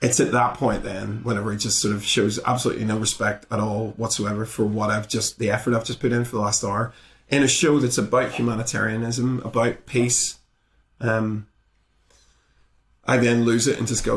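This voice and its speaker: A man's voice: on the low side, normal speed. Man, roomy echo. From Belfast, Northern Ireland. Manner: animated retelling, acting out both sides of the exchange; casual with frequent swearing. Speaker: guest comedian. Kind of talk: conversational storytelling in a podcast interview.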